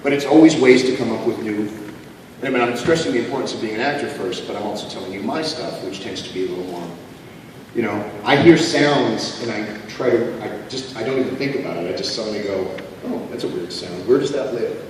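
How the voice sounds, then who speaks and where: A man speaking as a guest on a convention panel, answering audience questions in an animated, joking way. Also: on the low side. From Canada. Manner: animated, joking, quick asides. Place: large convention hall. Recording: echoey hall from far off with ambient noise.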